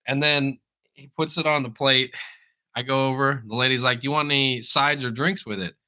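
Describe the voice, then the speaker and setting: Co-hosting a podcast, this man spins anecdotes in relaxed chat, full of energy, frequent laughter, and free-flowing swearing. He speaks at a moderate pace in a mid-range pitch.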